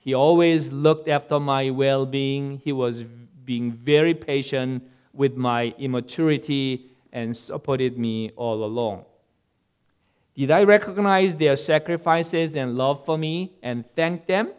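Slow, smooth-voiced male pastor, halting sermon delivery with fillers. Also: medium pitch, a little mellow.

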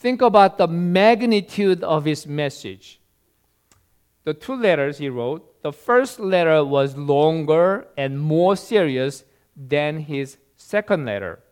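A male preacher delivering a sermon at an unhurried, measured pace. His voice is smooth and clear, sitting a little high for a man, and he tells stories in a deliberate way. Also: lively intonation, a little mellow. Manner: slow, deliberate storytelling delivery.

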